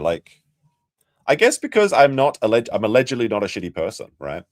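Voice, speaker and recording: A man's voice: mid-range voice, huge pitch swings, fairly quick, dry recording, clean studio sound. A man hosting a casual commentary stream, ranting and swearing freely. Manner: profane, ranting. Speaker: stream host.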